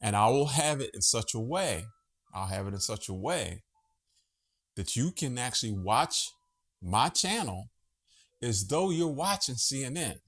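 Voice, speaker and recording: A man's voice: medium pitch, big pitch swings, a little slow, fairly bright tone. A man hosting a casual monologue vlog from home, chatty, profane and easily sidetracked. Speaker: vlogger host.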